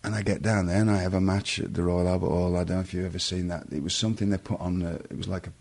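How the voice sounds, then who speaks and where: English man, middle-aged, very low husky voice, chatty rambling interview guest. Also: little pitch movement, rapid-fire, a little mellow. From England. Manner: rambling, self-interrupting storyteller. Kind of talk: casual storytelling interview.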